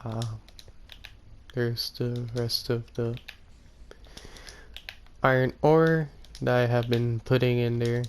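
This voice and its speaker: Soft-spoken man narrating gameplay slowly. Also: mid-range voice, fairly even intonation, smooth. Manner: rambling, self-correcting, soft-spoken. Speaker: gaming YouTuber. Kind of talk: casual gameplay commentary.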